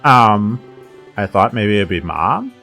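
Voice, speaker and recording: A man's voice: lowish voice, animated, takes it slowly, creaky, sharp tone, faint music behind, heavily acted. A man voicing a shy, nervous young male rabbit who speaks in a hesitant way. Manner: timid and hesitant.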